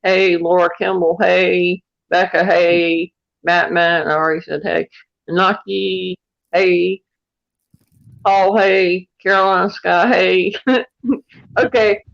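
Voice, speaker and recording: A woman from Georgia with a Southern US accent, chatting in a group voice call and giving friendly shout-outs. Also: lowish voice, steady tone, takes it slowly, gravelly, pauses often, no echo. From Georgia, US Southern states. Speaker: chat participant. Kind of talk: casual group voice chat. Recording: dull lo-fi online call audio.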